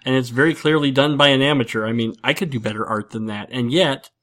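A man's voice: mid-range voice, fast talker, fairly bright tone. A man hosting a casual podcast, rambling and self-mocking, with lots of fillers. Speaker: podcast host.

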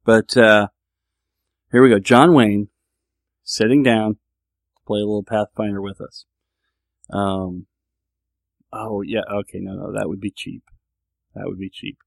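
Gravelly man rambling on a podcast. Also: on the low side, fairly even intonation, measured pace, long pauses, no echo. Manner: rambling, self-deprecating, many restarts. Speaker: podcast host. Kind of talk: casual monologue.

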